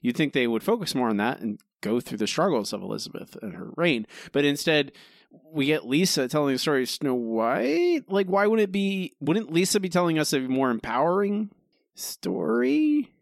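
A man's voice: a little high, sing-song, moderate pace, vocal fry, dry recording, studio quality. Exasperated man with a Philly accent. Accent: Philadelphia. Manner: exasperated, ranting. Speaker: podcast co-host. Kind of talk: casual podcast chat.

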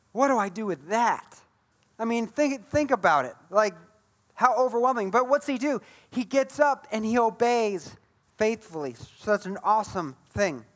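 A man preaching a sermon as a pastor, retelling Bible stories in an animated way and acting out the scenes. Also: high voice, moderate pace.

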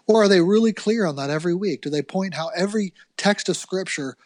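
A man's voice: sits high, fast talker, dry recording, clean studio sound. A man who is a podcast guest, explaining earnestly in casual conversation and often restarting his sentences. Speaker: podcast guest, ministry editorial director.

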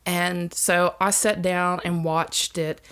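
A woman's voice: on the low side, steady tone, slow pace, a bit bright, clean tone. A woman with a Southern US accent, co-hosting a podcast in rambling, blunt casual chat, swearing freely. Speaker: podcast co-host.

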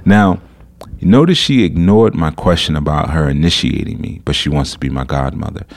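Very deep-voiced man telling a story. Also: moderate pace, gravelly. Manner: animated, incredulous storytelling with laughs. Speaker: podcast host. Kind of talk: casual podcast monologue.

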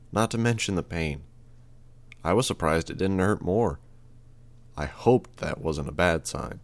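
A man narrates a first-person audiobook in a steady, measured voice. His pitch sits a little low. He keeps an even, unhurried read. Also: dry recording.

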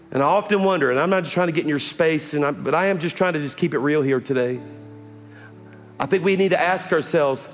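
Guy pastor preaching, kinda high voice, gets loud and shouty, big echoey church with piano and crowd behind. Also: fairly quick. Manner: builds to shouted, rising exhortation with call-and-response. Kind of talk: sermon. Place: large church sanctuary with audience. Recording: live church recording, long reverb, music and crowd behind.

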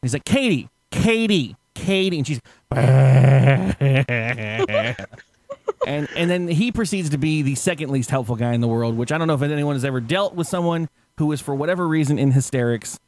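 A man's voice: fairly high pitch, fast talker, hardly any pauses. A man telling a story in a casual podcast chat, laughing often and acting out the people he quotes. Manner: animated, laughing, acts out quotes loudly.

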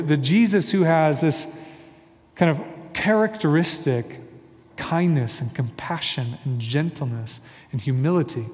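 A male pastor giving a sermon in a loose, conversational style, circling back to repeat his key phrases. His voice sits a little high for a man. The sound carries the long reverb of a large church sanctuary. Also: darkish tone.

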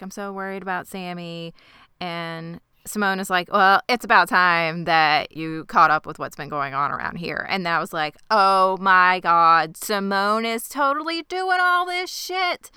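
Crisp, bright-voiced woman recapping a show. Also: on the low side, dry recording, studio quality. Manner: wry, playfully reenacts lines. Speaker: podcast co-host. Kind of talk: casual TV recap chat.

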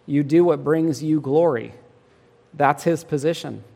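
A man's voice: on the high side, measured pace, gravelly, mellow, long reverb tail. A man preaching a sermon in an earnest, emphatic way, often asking his listeners rhetorical questions. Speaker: pastor.

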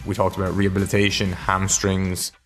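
A man's voice: low voice, monotone, brisk, a bit bright, soft background music. Rambling Irish man hosting a podcast. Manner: rambling, self-deprecating, stumbles over words. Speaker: podcast host. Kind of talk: casual podcast chat.

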